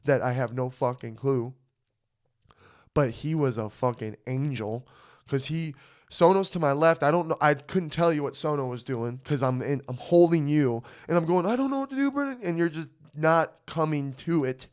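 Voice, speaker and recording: A man co-hosting a podcast, telling a story in casual chat, animated and swearing, often asking "you know what I mean". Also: medium pitch, moderate pace, smooth. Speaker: podcast co-host.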